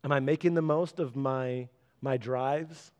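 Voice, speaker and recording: A man in his thirties preaching a sermon, animated and acting out little voices as he speaks. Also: unhurried. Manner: animated, acts out voices with big pitch jumps. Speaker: pastor.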